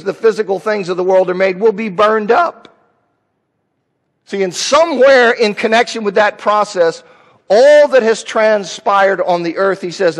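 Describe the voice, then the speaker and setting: High-pitched guy preaching bible study, chatty, repeats stuff for emphasis, big echoey church hall. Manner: conversational Bible teaching with emphatic repetition. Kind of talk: sermon. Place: church sanctuary. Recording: long hall reverb.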